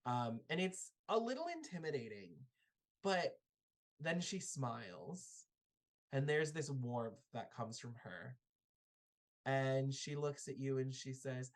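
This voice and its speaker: A woman's voice: extremely low pitch, expressive, slow pace. A woman narrating as game master of a tabletop game, describing scenes expressively.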